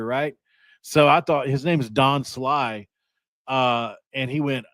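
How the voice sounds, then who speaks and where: A man's voice: mid-range voice, unhurried, fairly bright tone, no echo. A young man from West Virginia hosting a casual sports podcast, rambling and joking in a self-deprecating way. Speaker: podcast host.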